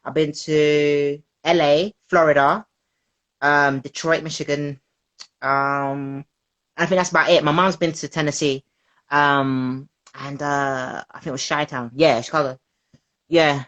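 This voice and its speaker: A woman, a podcast guest chatting casually, animated and quick to laugh, slipping into playful voices for people she quotes. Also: deep voice, muffled recording. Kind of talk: casual chat.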